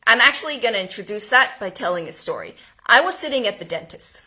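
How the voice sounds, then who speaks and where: A woman giving an energetic homeschooling lesson, speaking emphatically and now and then dropping to a whisper. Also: on the high side, fast talker. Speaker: homeschooling teacher. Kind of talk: instructional talk.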